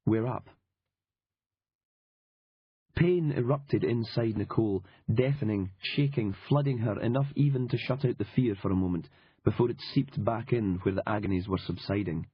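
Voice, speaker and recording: A man narrating an audiobook in a dry, wry and measured manner. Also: on the low side, husky, dry recording. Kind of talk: scripted narration. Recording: dull lo-fi audiobook recording.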